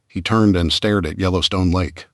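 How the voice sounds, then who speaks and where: Low-voiced male audiobook narrator. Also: fairly even intonation, normal speed, dry recording, clean studio sound. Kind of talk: scripted narration.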